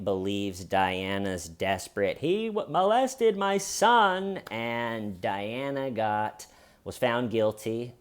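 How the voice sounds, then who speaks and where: A young man casually retelling a crime story as a joke, acting out the quotes in silly voices, at his desk. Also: mid-range voice. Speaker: true crime comedy host. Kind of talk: casual storytelling with sponsor read.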